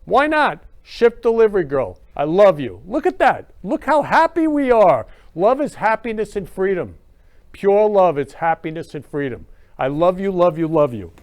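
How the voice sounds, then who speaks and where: A man's voice: high voice, very animated, normal speed, darkish tone. Gushing male talk-show host. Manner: effusive and repetitive, gushing about love. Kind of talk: casual talk-show monologue.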